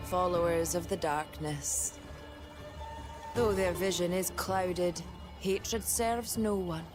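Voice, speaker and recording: A serene, solemn shrine keeper. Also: female voice, fairly low pitch. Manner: calm, solemn, measured speech. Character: serene wise woman of a shrine. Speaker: game character. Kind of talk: video game dialogue. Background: game music.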